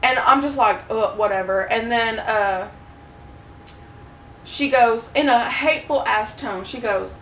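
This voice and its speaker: A woman co-hosting a podcast, telling a story in a casual, animated way, swearing freely and acting out what others said. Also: a little high, unhurried. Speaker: podcast co-host. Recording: roomy echo, mic at a distance, faint noise.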